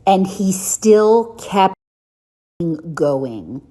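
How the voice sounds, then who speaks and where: A woman's voice: medium pitch, big pitch swings, extremely slow, mellow. A woman telling a story in a vlog, chatty and wry.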